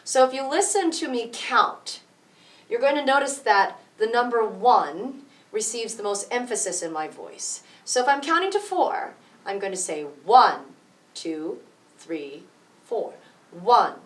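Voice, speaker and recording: A woman music teacher explaining rhythm slowly and patiently, counting beats out loud. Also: a little high, distant mic. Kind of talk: rhythm tutorial with counting aloud. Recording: echoey room, voice from off mic.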